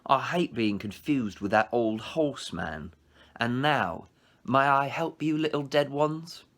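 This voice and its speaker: A man voicing a smooth, greedy male ferryman of the dead in a put-on British accent, speaking slowly and mockingly. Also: mid-range voice, fairly bright tone, pitched above the performer's own voice, close to an everyday voice.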